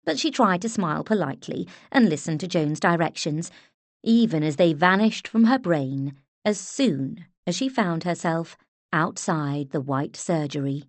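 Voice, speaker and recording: Woman audiobook narrator, unhurried and expressive, lower voice, dry close sound. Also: no echo. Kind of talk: scripted narration.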